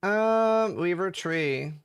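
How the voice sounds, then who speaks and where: A young man from Norway, speaking with a Norwegian accent, reads patch notes and viewer chat on a livestream, rambling casually as he goes. His voice is high-pitched and lively, yet he talks extremely slowly, and the sound is clean.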